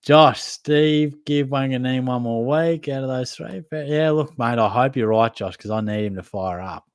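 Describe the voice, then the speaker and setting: A man's voice: mid-range voice, moderate pace, smooth, no room sound. A man with an Australian accent hosting a live Q&A, reading out viewer questions and answering them in a casual, matey way. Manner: casual, matey, conversational, hedging fillers. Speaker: fantasy football podcast host.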